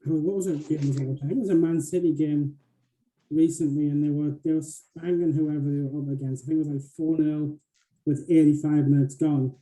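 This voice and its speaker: A man's voice: on the high side, fairly even intonation, brisk, warm tone, rough recording. A middle-aged man hosting a podcast, chatting casually and making wry, dry remarks. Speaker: podcast host. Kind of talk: casual chat.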